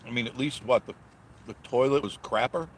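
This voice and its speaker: A man's voice: medium pitch, brisk, slight background noise. A man vlogging while driving, casually chatting with viewers and reading their comments in a rambling, joking way. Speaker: vlogger reading live chat. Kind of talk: casual live-stream chat while driving. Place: in a car on the road.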